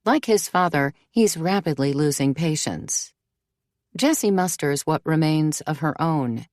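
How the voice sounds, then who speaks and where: Reading scripted audiobook narration, a deep-voiced woman tells the story in a steady, measured way. The sound is dry and clean, as from a studio.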